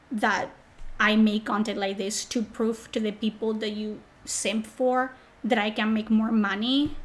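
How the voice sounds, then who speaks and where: A woman with a fairly high voice hosts her live stream while sick. She reads chat aloud and answers it in a mocking, sarcastic way, swearing freely as she talks.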